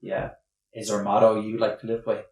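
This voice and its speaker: A man's voice: lowish voice, completely flat delivery, fairly quick, darkish tone. A young Irish man hosting a podcast, asking easygoing questions in a casual chat. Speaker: podcast host.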